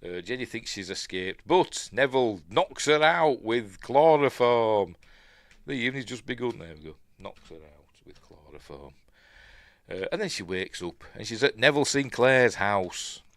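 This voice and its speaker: A middle-aged film review host from Yorkshire, England, with a Yorkshire English accent, chats through a film in a loose, rambling watch-along full of ums and uhs, playfully mimicking characters now and then. His mid-range voice is very animated, at normal speed and a bit bright, with no room sound.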